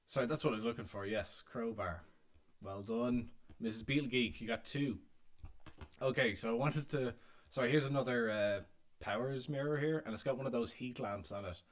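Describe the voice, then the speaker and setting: A man's voice: medium pitch, moderate pace, pauses often. A man hosting a casual virtual pub tour from inside a pub. He chats and jokes while checking audience answers in a quiz. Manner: chatty, joking, confirming audience answers. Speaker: host and pub guide.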